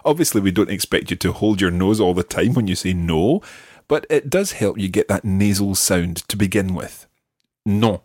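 This is a man hosting a language lesson, with a low and slightly husky voice. His pitch moves a lot as he explains, and he slows down to model words clearly. The recording is close and dry. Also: lively intonation, a little mellow, no room sound. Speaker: language course host and teacher. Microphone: close studio mic.

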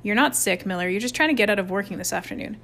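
A snappish young camp counselor, as a woman reader puts him on, stern and quick to lose patience with the kids in his charge. He speaks at a middling pitch, in the plain manner of an audiobook reading. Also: a bit bright, a little hiss or hum, lightly acted. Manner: snappish and exasperated.

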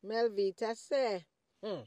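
Woman playing a loud scolding Jamaican mother. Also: mid-range voice, takes it slowly, over loud music, natural voice. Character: scolding Jamaican mother mocking her posh daughter. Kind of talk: comedy skit.

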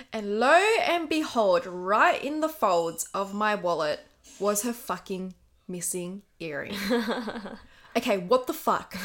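This is a young woman with an Australian accent, chatting on a podcast. Her voice is raspy after a late night. She tells stories in a sweary, lively way. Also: medium pitch. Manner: sweary, animated storytelling. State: raspy, just woken up. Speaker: podcast co-host. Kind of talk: casual storytelling chat.

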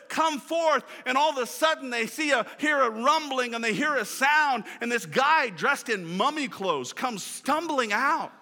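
High bright-voiced male preacher in a hall. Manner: energetic preaching with repeated words and casual phrasing. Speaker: pastor. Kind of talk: sermon. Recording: long hall reverb.

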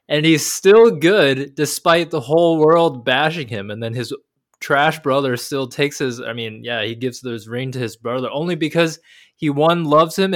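Rambling young man chatting casually. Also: a little high. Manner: animated, rambling with many fillers. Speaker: podcast co-host. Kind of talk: casual anime episode discussion.

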